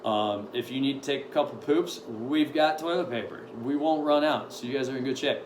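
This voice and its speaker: A man's voice: medium pitch, brisk. A man coaching at a gym, giving a casual, upbeat update and workout briefing with lots of ums. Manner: upbeat, rambling with many ums. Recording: echoey room with faint noise.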